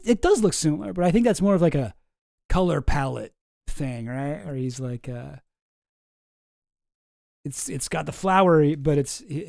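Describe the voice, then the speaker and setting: A man's voice: on the high side, gravelly, darkish tone, no echo. Dry, skeptical man mumbling commentary. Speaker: streamer commenting on clips. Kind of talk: casual live commentary.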